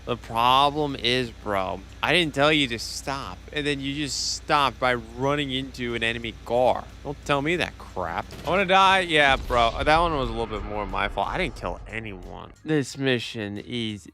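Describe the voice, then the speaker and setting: A man giving casual commentary over his own gameplay, excitable, quick to complain and prone to loud outbursts. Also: mid-range voice, slight background noise. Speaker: gaming YouTuber.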